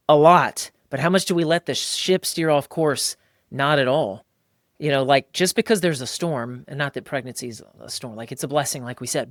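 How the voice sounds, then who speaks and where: A man hosting a podcast, talking in a casual, emphatic way and jumping into higher, livelier voices when he acts out quotes. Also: fairly bright tone, no echo, clean studio sound. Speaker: podcast host. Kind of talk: casual podcast talk on faith and marriage.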